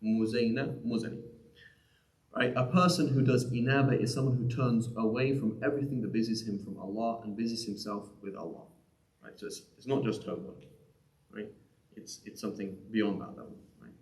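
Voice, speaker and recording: Low-voiced man teaching in an echoey room. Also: brisk, darkish tone. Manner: conversational, often asks "right?", with frequent restarts. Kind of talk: live Quran and Arabic grammar lesson. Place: mosque or community center room.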